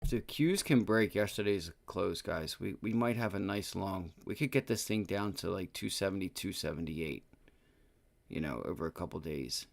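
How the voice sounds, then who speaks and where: A day trading livestream host with a low-pitched voice and vocal fry talks at a normal speed as he thinks aloud over charts. Suffering from an aching back, he lets loose frustrated curses when trades sour.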